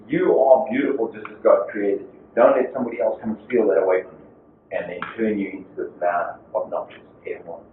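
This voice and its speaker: A man's voice: mid-range voice, slight background noise. Guy pastor preaching in a big echoey room, sounds far off and tinny like a phone. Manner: storytelling, conversational preaching. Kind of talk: sermon. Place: church.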